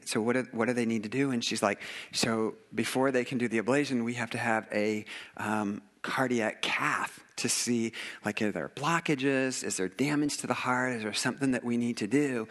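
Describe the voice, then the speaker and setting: Middle-aged man, earnest storyteller, rambling and heartfelt, mid-pitched voice. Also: a bit bright. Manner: earnest, rambling, with many fillers and restarts.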